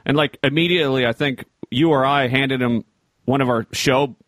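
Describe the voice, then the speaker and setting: A man co-hosting a podcast in casual chat, jokey and quick to drop into silly impressions. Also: medium pitch, a bit bright, no echo. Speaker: podcast co-host.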